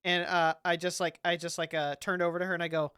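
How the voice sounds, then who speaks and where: A woman's voice: lowish voice, level tone, quick pace, a bit bright, smooth. A woman streaming a game and chatting casually, rambling and joking with frequent laughter. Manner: rambling, jokey, laughs a lot. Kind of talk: casual gaming livestream chat.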